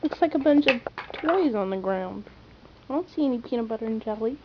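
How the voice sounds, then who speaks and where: A woman's voice: a little high, animated, a little fast. A mother playfully teasing her young kids at home, recorded on a home video camera. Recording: dull lo-fi camcorder audio with faint hiss.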